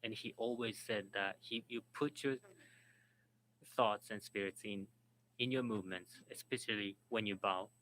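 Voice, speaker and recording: A man moderating and interpreting at a symposium, speaking haltingly and restarting words. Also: on the low side, steady tone, pushed and bright, a little hiss or hum, low-quality recording. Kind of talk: symposium panel talk.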